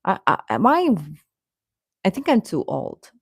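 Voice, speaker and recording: A woman's voice: medium pitch, wildly swooping pitch, a little slow, gravelly, husky, no room sound, clean studio sound. A young woman casually chatting with viewers on a livestream, reading the chat, laughing often and ranting in exasperation.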